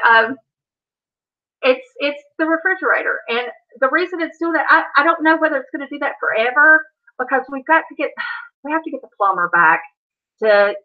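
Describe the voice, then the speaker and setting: A woman with a Blue Ridge Mountain accent, hosting a livestream from home in a chatty, rambling way. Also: high voice. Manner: chatty and rambling, with a Southern drawl. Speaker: livestream host. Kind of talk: casual chat. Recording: slightly muffled livestream audio.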